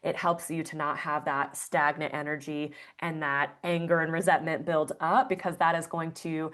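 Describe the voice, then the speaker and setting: A woman's voice: low voice, little pitch movement, moderate pace, fairly bright tone. A woman guest on an interview podcast, explaining breathwork earnestly with frequent fillers. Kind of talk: conversational interview answer.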